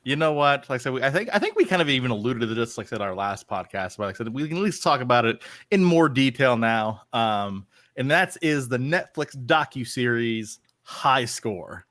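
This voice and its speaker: A man's voice: mid-range voice, expressive, brisk, fairly bright tone, dry recording, studio quality. A man co-hosting a casual podcast chat, who keeps saying "like I said" as he talks. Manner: repeats "like I said" often. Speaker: podcast co-host.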